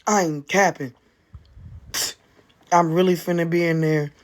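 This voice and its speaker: A livestreamer chatting casually to viewers, rambling and profane, with quick self-interrupting explanations. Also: medium pitch, steady tone, background noise.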